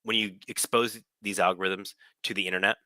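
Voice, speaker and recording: Bright-voiced man musing on a podcast. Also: low voice, steady tone, brisk, no echo. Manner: thoughtful, qualifying, restarting sentences. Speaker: podcast co-host. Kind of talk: casual chat.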